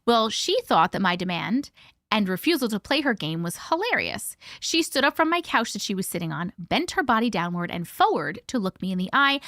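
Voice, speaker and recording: A woman's voice: medium pitch, fairly bright tone, dry recording, studio quality. A woman hosting a live stream, reading a listener's story aloud bluntly and expressively, with profanity and reactions. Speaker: host reading listener stories.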